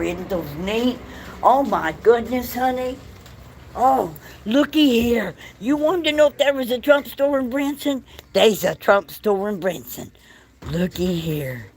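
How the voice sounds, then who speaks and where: A woman's voice: a little high, a bit bright, a little hiss or hum. A woman, filming a casual vlog walk-through of an indoor shop on a handheld phone, exclaiming and gushing over what she sees. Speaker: vlogger.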